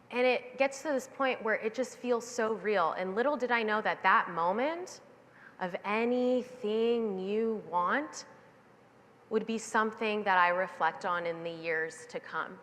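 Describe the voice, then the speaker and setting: A woman giving a keynote on stage, telling a story with lively acted-out voices. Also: medium pitch, slight background noise. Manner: animated, acting out the voices in her anecdote. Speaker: keynote speaker. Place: stage in a large event hall. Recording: long reverb of a large hall. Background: hall reverb.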